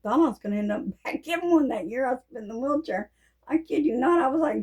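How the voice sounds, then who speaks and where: A woman, telling folksy stories in a casual, animated way and laughing often. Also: a little high, fast talker, slightly rough, low-quality recording. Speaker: Christian vlogger. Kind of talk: casual storytelling monologue.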